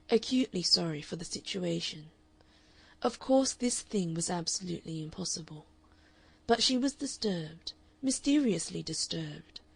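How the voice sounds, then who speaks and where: A woman narrating a classic novel in a steady, measured audiobook reading. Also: medium pitch, vocal fry, breathy edge. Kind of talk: scripted narration.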